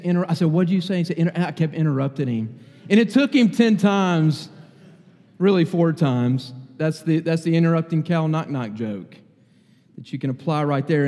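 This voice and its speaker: A man's voice: on the high side, dark tone. A man preaching a sermon, telling anecdotes and acting out what people said in different voices. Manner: storytelling, acts out quotes in varied voices. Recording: long hall reverb.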